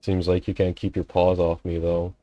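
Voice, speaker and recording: Brief: man reading a teasing chubby young ram from a visual novel, very low, dry voice. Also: monotone, moderate pace, dark tone, no echo, highs cut off, lightly acted. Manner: teasing, wisecracking.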